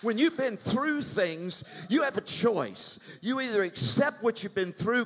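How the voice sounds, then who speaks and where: Older male minister, slightly high voice, hushed-to-loud sermon delivery, long sanctuary reverb. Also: big pitch swings, unhurried, few pauses, a little hiss or hum. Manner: swings from hushed asides to loud proclaiming, asks the crowd for agreement. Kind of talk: preaching to a congregation. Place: church sanctuary. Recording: long church hall reverb.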